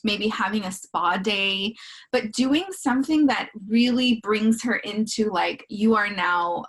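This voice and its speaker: A woman's voice: mid-range voice, unhurried. Rambling woman hosting a workshop. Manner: rambling, many restarts and "like" fillers. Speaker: podcast host leading a workshop. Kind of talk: casual talk answering questions.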